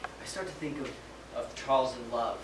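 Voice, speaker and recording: An actor playing a young private haunted by sparing an enemy prisoner, in a dramatic stage monologue, halting and hushed, breaking into frantic shouting. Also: mid-range voice, close to an everyday voice. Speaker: soldier recounting a war memory. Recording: echoey room from far off, with background noise.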